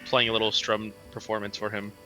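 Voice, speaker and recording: A man playing in a tabletop role-playing game, easygoing and playful in tone. His voice is bright and sharp, with soft music playing quietly behind him. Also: fairly low pitch, completely flat delivery, brisk. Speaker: player.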